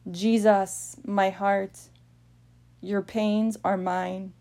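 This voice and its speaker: A woman reading a devotional meditation aloud in a slow, solemn, prayerful manner. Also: medium pitch, little pitch movement, mellow.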